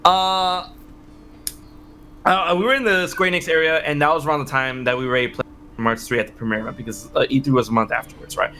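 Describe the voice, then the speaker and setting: Upbeat, bright-voiced man telling stories. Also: a little high, slight background noise. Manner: animated, fast, many restarts and quoted exclamations. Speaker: interview guest, content creator. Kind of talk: casual storytelling interview.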